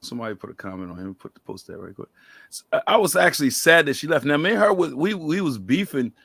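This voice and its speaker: Male podcast host with a gravelly voice and a dry, close sound, lively storyteller. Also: a little high, fast, dry recording. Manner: animated storyteller, quotes people in lively voices. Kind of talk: casual chat.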